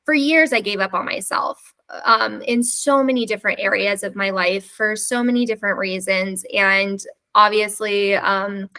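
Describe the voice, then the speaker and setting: A woman's voice: mid-range voice, normal speed, hardly any pauses, sharp tone, rough recording. A woman hosting a podcast who talks candidly and rambles, sometimes losing her train of thought. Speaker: podcast host. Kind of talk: casual interview chat.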